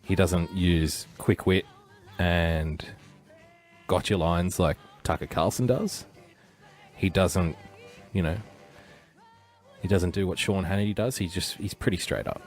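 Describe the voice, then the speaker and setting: A man with a very deep voice hosts a casual livestream, thinking out loud and drifting from point to point. He cracks jokes and chuckles at his own asides. Faint music plays behind him. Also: measured pace, pauses often. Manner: rambling, joking, chuckling asides. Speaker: livestream host.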